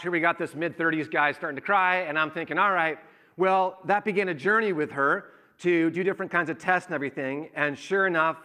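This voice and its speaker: Bright, animated pastor preaching. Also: male voice, on the high side. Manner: conversational storytelling with animated quoted asides. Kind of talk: sermon.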